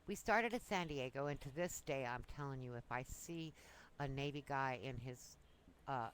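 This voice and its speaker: A woman's voice: rumbling low, normal speed, slight background noise, poor audio. Chatty woman telling wild stories. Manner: chatty, breezy, self-amused anecdotes. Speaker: storyteller. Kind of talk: casual personal storytelling.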